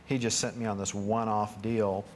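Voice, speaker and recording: A man's voice: fairly low pitch, little pitch movement, moderate pace, slight background noise. A man guest on a talk show, telling his story with quoted dialogue. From United States.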